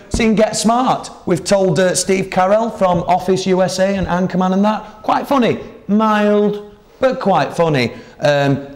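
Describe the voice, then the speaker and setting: Dry, jokey TV presenter. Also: male voice, sits high, a little mellow.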